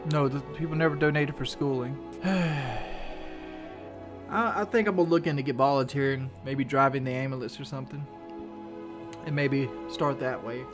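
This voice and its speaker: A man's voice: medium pitch, fairly even intonation, moderate pace, pauses often, music in the background. A man talking casually on a live stream, venting his frustration, swearing a lot and often restarting his sentences. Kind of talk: casual live-stream talk, answering chat.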